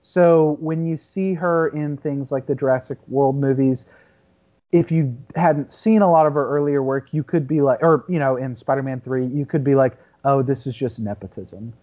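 A man's voice: a little high, fairly even intonation, normal speed, narrow, tinny audio. A man in his thirties discussing movies on a casual podcast, reflective and thinking aloud with frequent restarts. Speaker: podcast co-host.

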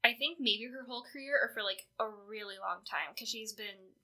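A woman's voice: mid-range voice, moderate pace, pushed and bright. A woman hosting a podcast, chatting casually and filling her talk with "like". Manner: chatty, many "like" fillers. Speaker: podcast host presenting fan awards. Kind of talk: casual chat.

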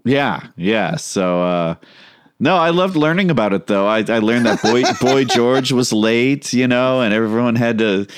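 Relaxed man in casual chat. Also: medium pitch, a little slow, clear, resonant tone, dry recording, clean studio sound. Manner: relaxed, chuckling, tells stories with loose fillers. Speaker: podcast co-host.

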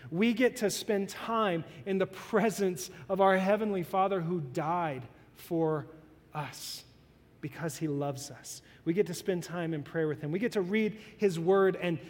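A young man giving a sermon as pastor, earnest and conversational, sometimes pleading softly. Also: high voice, unhurried, long reverb tail.

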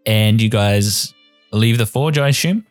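Low-voiced man running a tabletop game. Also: measured pace, no room sound, faint music behind. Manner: descriptive, with frequent ums and uhs. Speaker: game master.

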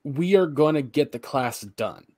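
A man's voice: a little high, animated, measured pace, a little mellow, no echo. A young man and podcast co-host, casually telling long, profane, rambling stories about work and home. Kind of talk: casual chat.

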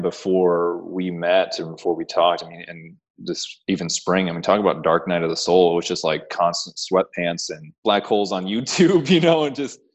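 A man being interviewed as a coaching client, telling his story with feeling and acting out quotes. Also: deep voice. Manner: emotional, animated storytelling with acted-out quotes. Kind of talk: casual interview chat. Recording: dull lo-fi sound.

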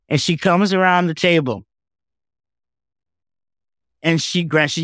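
A man with a slightly high voice tells a personal story as a podcast guest, heartfelt and animated. He drops in asides like "okay?" and "man" as he goes. The sound is dry and close. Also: normal speed, long pauses, no echo.

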